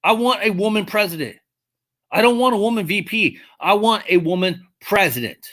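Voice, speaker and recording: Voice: medium pitch, expressive, normal speed, a bit bright. Blunt, swearing livestream host. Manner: blunt, swears casually, argues with chat; rambling, self-correcting, thinks aloud. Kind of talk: casual livestream chat, answering viewers' comments.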